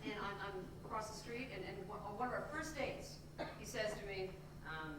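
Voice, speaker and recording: A woman from Indianapolis performing a self-mocking comic monologue on stage, with many restarts and quick switches. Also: mid-range voice, noisy background. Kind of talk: live comic storytelling monologue. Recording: echoey stage sound from far off.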